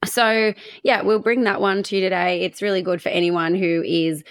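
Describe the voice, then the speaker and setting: A woman's voice: on the low side, fairly even intonation, normal speed. A woman, co-hosting a podcast in a casual, chatty way with frequent laughs and fillers. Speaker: podcast co-host. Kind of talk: casual chat.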